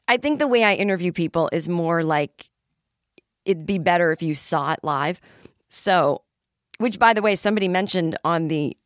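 A woman in her forties delivers a loose, self-deprecating comedy monologue as a podcast host. Her voice sits a little low and she talks in chatty, rambling bursts. The sound is close and dry, with no room around it. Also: no room sound.

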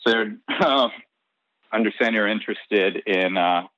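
A man telling a personal story in an interview, bringing the dialogue to life and breaking into laughter. His voice sits fairly low and is recorded dry and dull, with a slightly lo-fi sound. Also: a little slow, no echo. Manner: animated anecdote with quoted dialogue and laughs. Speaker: interview guest. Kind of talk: casual storytelling.

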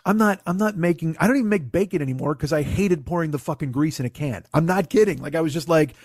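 A man with a husky, somewhat high voice tells a long, profane story in a casual, self-mocking way. He keeps rambling and going off on tangents. The sound is dry and close. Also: quick pace, hardly any pauses, no echo.

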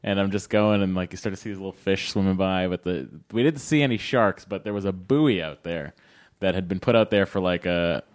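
A low-voiced man spinning a loose story in casual podcast talk, swearing freely and stacking fillers as he goes. His voice sits on the deeper side. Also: brisk. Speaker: podcast co-host.

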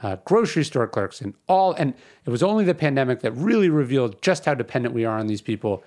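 Conversational man hosting a podcast. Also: medium pitch. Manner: conversational, ranting, emphatic with repetition. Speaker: podcast host. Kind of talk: casual spoken commentary.

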